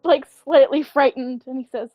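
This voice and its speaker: A woman game master narrates a tabletop session in a high, dry voice recorded close to the mic. She talks casually, hesitating and filling her pauses as she describes the scene. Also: steady tone, no echo, dull audio, faint music behind.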